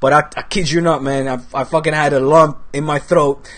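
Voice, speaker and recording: A man's voice: a little high, fairly even intonation, a little fast, a bit bright. A man in his thirties from the Netherlands, hosting a football show in casual, rambling chat full of fillers and swearing, with a cold. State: has a cold.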